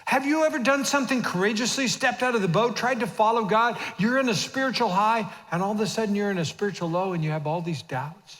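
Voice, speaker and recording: A man in his fifties preaching a sermon as senior pastor in a church auditorium, moving from hushed asides to shouted emphasis. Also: high voice, quick pace, hardly any pauses. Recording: long reverb of a church hall.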